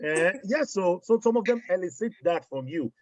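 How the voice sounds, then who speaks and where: A man's voice: high voice, moderate pace, no room sound. A man with a Nigerian accent in casual chat, telling stories and mixing in pidgin phrases. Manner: mixes in pidgin, animated storytelling. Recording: dry, muffled audio.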